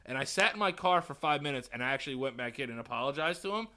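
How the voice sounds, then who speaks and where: Bright-voiced young man telling a profane story. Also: mid-range voice, racing. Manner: profane, animated retelling with put-on dialogue. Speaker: podcast co-host. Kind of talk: casual storytelling chat.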